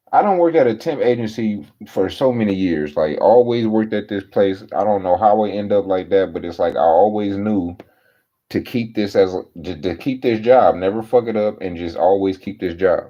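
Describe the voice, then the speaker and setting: A man with a somewhat low voice rants casually, swearing freely and leaning on slang as he tells exasperated stories. The sound is dull and lo-fi, as if through a cheap recorder. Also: normal speed. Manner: profane, exasperated, storytelling with slang. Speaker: podcast host. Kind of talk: casual ranting monologue.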